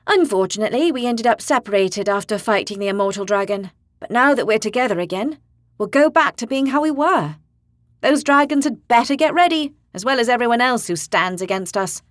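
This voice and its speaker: A woman narrator voicing a determined young woman warrior in an audiobook, speaking with forceful confidence. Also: a little high, lively intonation, brisk, dry recording, studio quality, pitched above the performer's own voice, lightly acted. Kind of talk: audiobook character voice.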